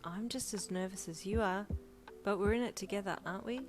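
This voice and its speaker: A woman's voice: medium pitch, a little fast, faint music behind, natural voice. A woman voicing a playful, cheeky young woman in a fanfiction audiobook reading, speaking in a teasing, affectionate way. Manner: teasing and warm.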